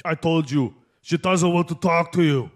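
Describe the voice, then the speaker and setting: A man voicing a calm, condescending male supervillain who calmly explains things over the phone. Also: fairly high pitch, moderate pace, close to an everyday voice. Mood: patient. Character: calm cold-themed male supervillain, patient friend. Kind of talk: comedy phone sketch.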